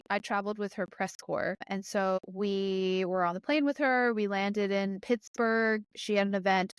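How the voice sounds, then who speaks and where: A woman journalist from Georgia, hosting a casual political discussion and telling stories in a chatty, animated way. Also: medium pitch, clear, resonant tone, dry recording. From Georgia, USA. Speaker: journalist and podcast host.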